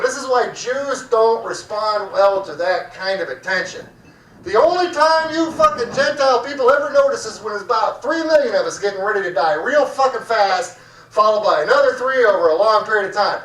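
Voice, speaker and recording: A man with a high-pitched, expressive, slightly bright voice hosts a stand-up comedy night in the back room of a restaurant, speaking at a moderate pace. He is crude and rambling as he jokes with the crowd. The room is echoey and the mic is heard from far off.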